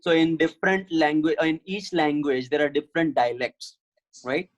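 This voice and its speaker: A man's voice: on the high side, moderate pace, muffled recording. A man teaching a Sanskrit class online, patiently explaining step by step and answering questions.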